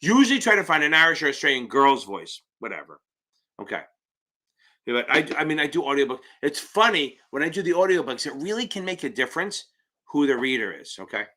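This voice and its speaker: A man tutors exam students on a live stream, answering their questions in a loose, rambling way. His voice sits a little high and rings very bright and sharp. He is blunt and swears freely as he goes. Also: very animated, a little fast.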